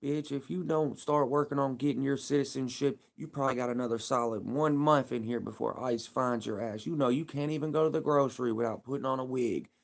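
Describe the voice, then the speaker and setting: A man's voice: mid-range voice, a little fast, vocal fry, few pauses. A man live streaming, talking in a casual, heated and profane rambling rant.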